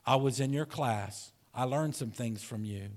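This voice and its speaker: A man who is a pastor, preaching a sermon in church, telling a personal story earnestly, with repeated words and soft, tender passages. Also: medium pitch, unhurried. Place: church sanctuary.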